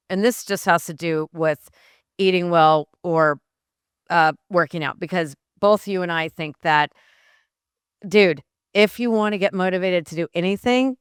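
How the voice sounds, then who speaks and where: A woman hosting an interview, chatty with animated asides. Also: on the low side, clean tone, dry recording, clean studio sound. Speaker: host. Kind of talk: interview conversation.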